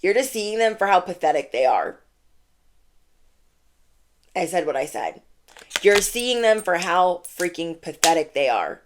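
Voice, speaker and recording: A woman's voice: fairly low pitch, very animated, a little slow, pauses often, slight background noise. A woman giving a channeled tarot reading, talking casually and bluntly and repeating her points for emphasis. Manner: emphatic and repetitive, lots of "like". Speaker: tarot reader.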